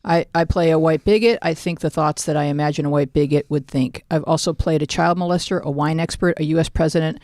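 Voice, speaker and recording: A woman hosting a casual talk show, teasing and quick-witted with her guest. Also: low-pitched, fairly even intonation, a little mellow, no room sound, studio quality. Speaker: host.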